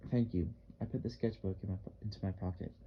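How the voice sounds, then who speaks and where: A man narrating an audiobook in the first person, with measured, even storytelling. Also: deep voice, lo-fi sound, slight background noise.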